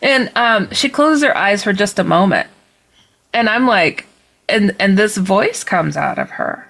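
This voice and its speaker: A woman guest telling a story in a lively, casual way, speaking into a computer on a video call. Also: medium pitch, a little slow, creaky, rough recording. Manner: lively, acts out quoted voices.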